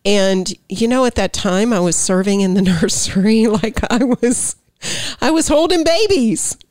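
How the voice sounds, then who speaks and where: A woman's voice: medium pitch, steady tone, moderate pace, darkish tone, no echo, clean studio sound. A woman earnestly sharing a heartfelt personal testimony on a faith talk show.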